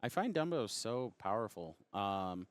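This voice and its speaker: Deep-voiced male color commentator. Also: sing-song, measured pace, clear, resonant tone. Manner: conversational, analytical, speaks from own play experience. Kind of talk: card game analysis commentary.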